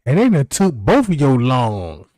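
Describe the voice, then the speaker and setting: A man's voice: medium pitch, wildly swooping pitch, a little slow, warm tone, dry recording, studio quality. A man hosting a livestream, telling loose, profane, rambling stories and often checking in with his listeners. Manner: loose, profane, rambling, keeps asking "you know what I'm talking about". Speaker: livestream host. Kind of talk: rambling comedic storytelling on a livestream.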